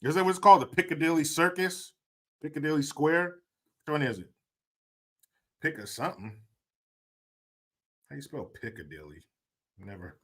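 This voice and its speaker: Guy streaming and reading chat, crude jokes and cussing, bright sharp voice. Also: a little high, expressive, normal speed, long pauses. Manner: crude, joking, swearing. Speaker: livestream host reading chat. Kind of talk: casual livestream chat. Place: indoors, cold room.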